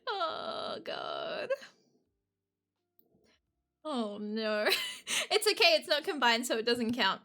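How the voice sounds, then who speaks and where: A woman's voice: fairly high pitch, very animated, slow pace, pauses often, pushed and bright. A young woman chatting casually to her live-stream audience, giggly and emotional. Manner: giggly, emotional, talks to chat.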